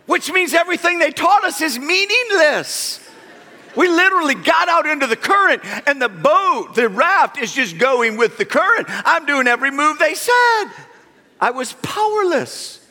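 A man preaching a sermon and telling a comic personal story, animated, jumping from shouts to a low, quiet tone. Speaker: pastor. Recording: long hall reverb.

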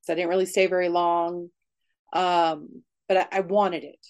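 A woman telling a raw personal story in an interview, candid and emotional, speaking in quick bursts with frequent restarts. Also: fairly low pitch, flat delivery, a little mellow. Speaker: guest.

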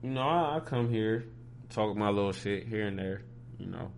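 Laid-back podcast host from Ohio. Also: male voice, on the low side, normal speed, gravelly, a little hiss or hum. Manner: laid-back, slangy, repeats "you feel me". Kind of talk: casual podcast chat.

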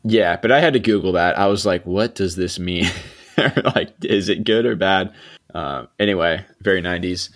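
Chatty young man, low voice. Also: moderate pace. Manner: relaxed, chatty, laughs often, trails off quietly. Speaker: podcast host. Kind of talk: casual chat recapping a TV episode.

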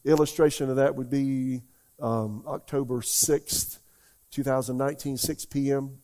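A man's voice: mid-range voice, steady tone, unhurried, mellow. An older man preaching a folksy, rambling sermon in a church, often asking the congregation questions. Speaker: pastor. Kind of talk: conversational sermon.

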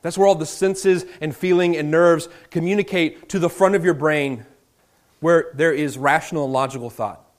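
A male pastor preaching a sermon, slowing down and dropping to a hush on key words, with conversational asides. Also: fairly high pitch. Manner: expressive preaching, slows for emphasis, drops to a hush on key words.

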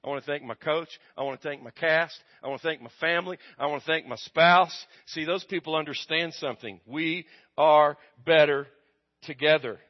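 Dynamic American pastor, lo-fi recording. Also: male voice, on the high side, a little fast, few pauses. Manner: call-and-response with congregation, swings loud and soft. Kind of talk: sermon. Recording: dull lo-fi recording.

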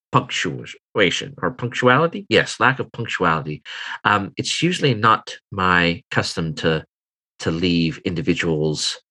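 A man's voice: deep voice, pushed and bright, pitched below the performer's own voice, heavily acted. A man voicing a courteous woman at a dinner, speaking formally and politely. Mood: apologetic. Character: courteous woman merchant dining.

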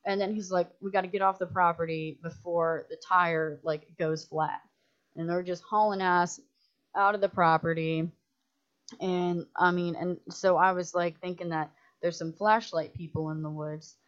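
A woman who directs films, telling a story as a podcast guest in an animated, profane way, full of "like" and acting out what others said. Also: lowish voice, normal speed. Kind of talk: casual storytelling in a podcast chat. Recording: muffled lo-fi audio.

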